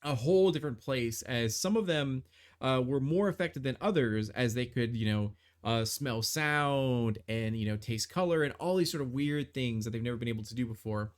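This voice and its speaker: Guy dm-ing a d&d stream, medium pitch, lots of uh and like, keeps restarting. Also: moderate pace. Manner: rambling, many fillers and restarts. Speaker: game master. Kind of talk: narrating a tabletop game on a live stream.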